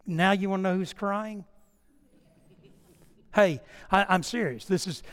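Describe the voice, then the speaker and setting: A man's voice: high voice, a little slow, pauses often, fairly bright tone, clear, resonant tone, long reverb tail. A middle-aged man preaching a sermon, a pastor who tells a story with energy and acts out prayers and conversations.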